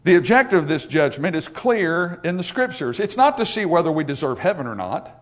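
Emphatic, higher-voiced male preacher. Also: sing-song, fairly quick. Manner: emphatic, swinging between loud, raised passages and quiet, low asides; reads scripture in old-fashioned wording. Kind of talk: sermon.

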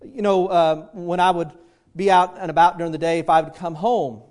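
A man's voice: high-pitched, steady tone, moderate pace, a little mellow. A middle-aged man preaching a sermon, telling homely stories and acting out the voices in them. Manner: folksy storytelling, acts out quoted voices. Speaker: pastor.

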